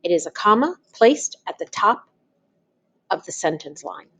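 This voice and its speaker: A woman's voice: on the low side, very animated, measured pace, fairly bright tone, husky. A woman teaching, talking patiently and spelling things out step by step. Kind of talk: slow, deliberate classroom explanation.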